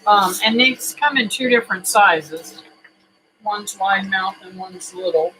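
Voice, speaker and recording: A homesteading vlogger talks to camera from a home kitchen in an unhurried, drawn-out way. The voice is bright and forward. The delivery is folksy and rambling, full of ums and uhs. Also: medium pitch, a little hiss or hum, low-quality recording. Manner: folksy, rambling, with many fillers. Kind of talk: casual chat to camera.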